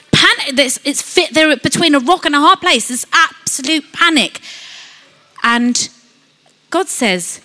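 Woman giving a sermon, high voice, chatty, lots of questions to the crowd. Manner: expressive, acts out voices of fear with sudden high shouts; conversational, asks rhetorical questions. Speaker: preacher.

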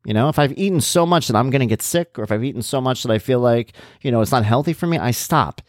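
Animated man telling a podcast story. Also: fast, dry recording, clean studio sound. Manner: animated, jumps to a high voice when quoting himself. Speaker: podcast host. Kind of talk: casual storytelling monologue.

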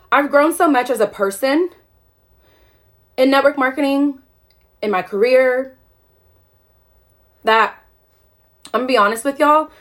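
A woman with a high voice talks straight into her phone on a live stream. She sounds passionate and emphatic, pressing her point with one rhetorical question after another in a heartfelt, unscripted way. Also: fairly bright tone. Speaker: network marketer hosting a live video. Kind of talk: emotional livestream rant.

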